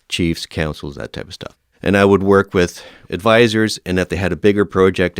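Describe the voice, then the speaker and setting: Deep-voiced man telling stories, crisp dry sound. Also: no echo. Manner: lively storyteller who acts out quoted dialogue. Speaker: podcast guest, veteran firefighter. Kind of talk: casual storytelling interview.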